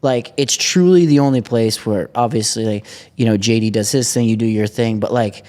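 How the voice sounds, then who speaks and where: A man chatting on a podcast about riding, excitable, swearing a lot and laughing often. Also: mid-range voice, moderate pace. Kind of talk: casual podcast chat.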